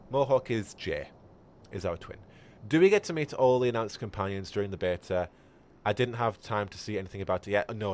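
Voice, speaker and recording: A man's voice: lowish voice, darkish tone, slight background noise. A man giving chatty live gameplay commentary and answering viewers as a streamer. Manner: chatty, reads chat aloud. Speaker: game streamer.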